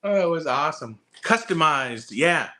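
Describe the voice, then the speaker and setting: A man in casual podcast conversation, spinning a long, rambling anecdote laced with profanity. His voice is bright and forceful, and he keeps restarting sentences as he goes. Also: on the high side, lively intonation, moderate pace. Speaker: podcast host. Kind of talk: casual chat.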